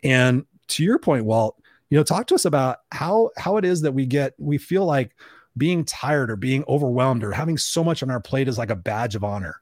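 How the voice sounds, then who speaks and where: A man's voice: medium pitch, lively intonation, moderate pace, darkish tone, no echo, clean studio sound. A middle-aged man hosting a casual talk show, telling stories with eager energy and frequent restarts. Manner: enthusiastic storyteller, many restarts. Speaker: podcast host.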